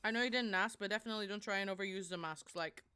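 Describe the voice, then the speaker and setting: A woman's voice: mid-range voice, very fast, pushed and bright, clear, resonant tone. A young woman streaming, chatting casually and rambling to her viewers. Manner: chatty and rambling, talks to chat. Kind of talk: casual live-stream chat.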